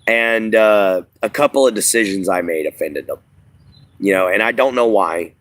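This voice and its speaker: A man's voice: on the low side, moderate pace, a bit bright, dry recording. Chatty man hosting a live stream. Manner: rambling, filler-heavy, talks to chat. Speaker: livestream host. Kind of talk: casual livestream chat.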